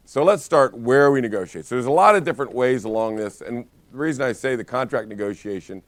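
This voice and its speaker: A man leads a live real estate training session, telling stories with lots of energy and restarting frequently. His voice is mid-range, and the recording is dry.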